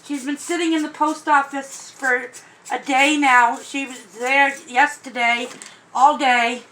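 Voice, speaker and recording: A woman with a high, bright-pitched voice talks through an excited unboxing vlog. She speaks slowly and lingers on each word, gushing and gasping in breathless delight. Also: rough recording. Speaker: vlogger unboxing a doll.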